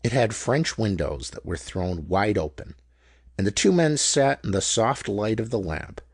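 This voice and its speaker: A man reading an audiobook in measured, descriptive scripted narration. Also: on the low side, expressive, breathy edge, dry recording, studio quality.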